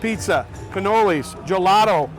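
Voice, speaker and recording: High-voiced man hyping street food. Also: animated, moderate pace, over music. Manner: chatty, enthusiastic food tasting. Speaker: vlog host. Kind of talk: casual festival food vlog. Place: outdoor street festival.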